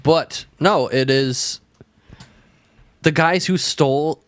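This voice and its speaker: A man's voice: fairly high pitch, slow pace, a bit bright, dry recording. A man co-hosting a podcast who brings up stories and drops dry asides. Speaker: podcast co-host. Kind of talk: casual chat.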